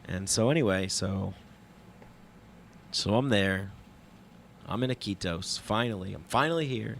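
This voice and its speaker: Profane, animated storytelling man. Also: on the low side, unhurried, vocal fry, a little hiss or hum. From New York. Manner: profane, animated, self-mocking retelling. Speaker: podcast host telling a travel story. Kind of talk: casual storytelling monologue.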